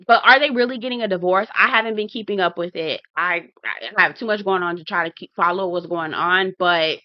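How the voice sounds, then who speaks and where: This low-voiced woman reviews reality TV in a brisk, casual way, talking right to her audience and performing her reactions. The recording is dry, with the high frequencies cut off.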